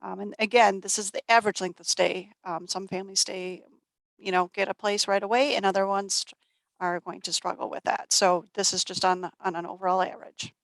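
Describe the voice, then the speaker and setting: A woman from a family shelter group speaking at a community event, halting and full of fillers and restarts. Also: mid-range voice, fairly even intonation, fairly bright tone, dry recording, low-quality recording. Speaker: nonprofit shelter staff. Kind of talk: community presentation.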